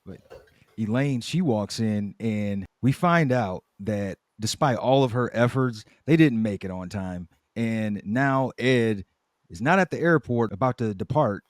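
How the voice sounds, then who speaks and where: A man's voice: on the low side, expressive, measured pace, no room sound. A man co-hosting a podcast, chatting casually about a sitcom episode with laid-back, dry asides. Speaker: podcast co-host.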